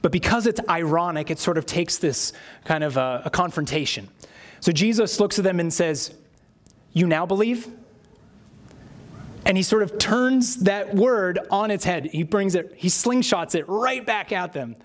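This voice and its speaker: Male pastor, higher voice, expressive sermon delivery that dramatizes the scripture he quotes. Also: moderate pace.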